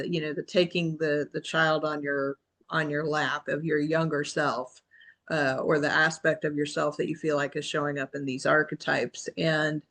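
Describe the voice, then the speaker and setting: A woman's voice: low voice, a bit bright. Rambling reflective woman on a video call. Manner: reflective, rambling with restarts and self-quotes. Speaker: book club member. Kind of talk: casual group video call chat.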